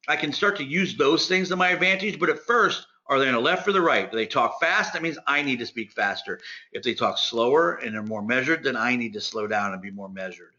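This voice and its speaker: A man giving a sales training talk, direct and energetic, speaking to his listeners like friends. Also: mid-range voice, normal speed, highs cut off. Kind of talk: instructional talk.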